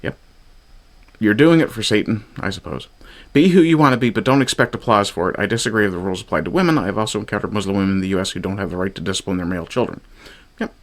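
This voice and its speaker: A man's voice: lowish voice, very fast. Sarcastic, swearing man from Newfoundland. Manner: sarcastic, profane, mocking. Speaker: commentary streamer. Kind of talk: reaction commentary on clips.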